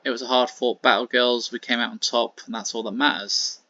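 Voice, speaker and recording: A man voicing an upbeat female wrestler, speaking brisk and quick. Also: mid-range voice, fairly even intonation, bright, forceful tone, dry recording, muffled recording.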